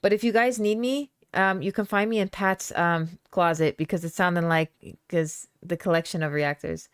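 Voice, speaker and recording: A woman hosting a live-stream podcast, chatting loosely with viewers and reading their comments aloud. Her voice is smooth and clear, and it sounds close and dry with almost no room echo. She talks in a playful, rambling way with lots of fillers. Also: fairly low pitch, fairly even intonation, moderate pace. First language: Aramaic. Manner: chatty, reads chat comments aloud, laughs often. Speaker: podcast host. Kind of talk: casual live-stream chat.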